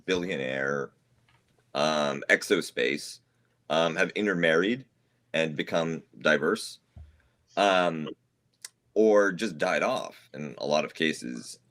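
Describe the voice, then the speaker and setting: Podcast host, man, very low voice, deadpan irony. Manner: dry and sarcastic. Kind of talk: casual chat.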